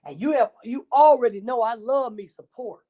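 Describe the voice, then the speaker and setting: A woman's voice: a little high, moderate pace, lo-fi sound, natural voice. A woman voicing a self-pitying male wolf who tells his own side of the story in a wheedling, innocent tone.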